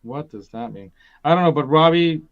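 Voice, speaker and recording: A man's voice: a little high, normal speed, narrow, tinny audio. Rambling man hosting a gear stream. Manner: rambling, laughs often, many restarts. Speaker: host of a gear live stream. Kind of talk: casual live-stream chat.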